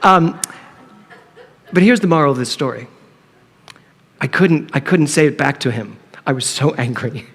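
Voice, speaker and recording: Animated male minister in a reverberant hall. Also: medium pitch, normal speed, long pauses, husky. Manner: animated, playful, acts out dialogue. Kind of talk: sermon with humorous story. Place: church sanctuary.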